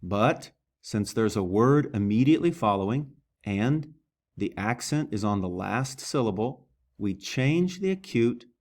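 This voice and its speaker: A man's voice: on the low side, a little mellow. A man teaching a language lesson, patient and methodical, sounding out words syllable by syllable. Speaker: Greek teacher. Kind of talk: slow classroom lesson.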